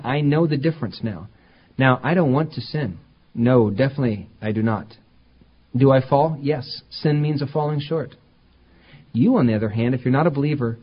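Husky-voiced man preaching a sermon. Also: mid-range voice, muffled recording. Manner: conversational preaching that rises to emphatic peaks. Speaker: pastor.

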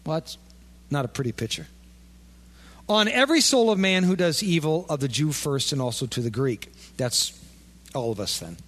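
Lively man preaching in an echoing hall. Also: a little high, moderate pace. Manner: animated, acts out imagined dialogue. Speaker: pastor. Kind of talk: sermon. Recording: long echo of a large hall.

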